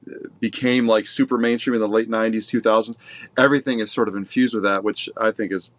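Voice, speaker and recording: A man's voice: lowish voice, steady tone, fast, fairly bright tone, no echo. Laid-back man musing on music. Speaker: songwriter co-host. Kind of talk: casual reaction chat.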